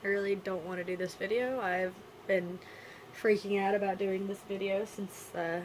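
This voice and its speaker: Woman vlogger, mid-pitched, subdued and halting, candid storytelling delivery over faint background noise. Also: fairly even intonation, rough recording. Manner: subdued, halting and quiet, with frequent pauses; candid, casual with blunt swearing. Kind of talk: personal storytelling to camera.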